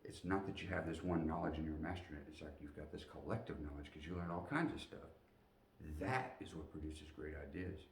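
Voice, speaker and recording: A stern but caring Army sergeant talks in a low, firm, instructive voice, as a man puts him on. He lays down advice plainly. The sound is roomy and a little distant from the mic. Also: brisk, a little hiss or hum. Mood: earnest advice.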